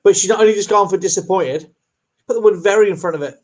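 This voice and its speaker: Self-deprecating man, a bit high-pitched. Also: quick pace. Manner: self-deprecating, reads viewer comments aloud. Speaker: co-host. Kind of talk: casual chat with live viewers.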